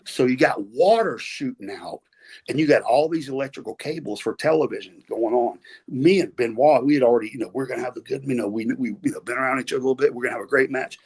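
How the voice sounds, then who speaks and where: A middle-aged man with a Southern US accent talks casually as a podcast guest. His voice is husky and his pitch sits in the middle. He rambles, with many fillers and restarts. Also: quick pace. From American South. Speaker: podcast guest, former wrestler. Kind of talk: casual storytelling interview.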